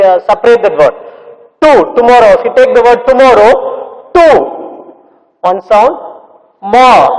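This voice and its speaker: A man teaching a class of children, speaking slowly and repeating words and sounds syllable by syllable. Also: high-pitched, darkish tone. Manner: slow, repetitive, drills sounds syllable by syllable. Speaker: English teacher. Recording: long reverb.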